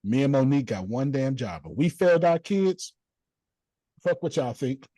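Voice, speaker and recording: A middle-aged man leading a group video call, preaching in a blunt, slangy way with casual swearing, jumping from low asides to high exclamations. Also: big pitch swings, moderate pace, dark tone, no room sound. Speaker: host leading a group discussion. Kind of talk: preacherly motivational talk.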